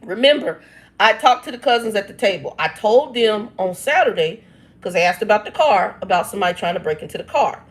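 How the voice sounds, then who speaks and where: Her voice sits in the middle range, with lively intonation and a fairly quick pace. She's a woman in her fifties hosting a channel, recounting a personal family story to viewers, reading from her live chat, and often laughing and exclaiming emphatically.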